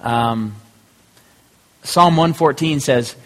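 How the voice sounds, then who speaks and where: A man's voice: mid-range voice, extremely slow, a bit bright. Man preaching in a reverberant hall. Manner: conversational preaching with repeated restarts. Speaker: pastor. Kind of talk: sermon.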